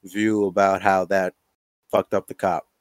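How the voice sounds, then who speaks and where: A man with a fairly low voice talks casually and profanely, spinning stories and acting out other people's lines. The recording is dry and close. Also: little pitch movement, unhurried, no echo, rough recording. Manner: profane, storytelling, acts out quotes. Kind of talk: casual chat.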